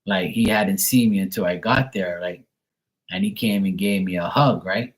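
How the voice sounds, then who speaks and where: A man's voice: deep voice, normal speed. A man chatting casually on a live stream, loose and profane, often laughing as he talks. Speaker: live tarot reader and streamer.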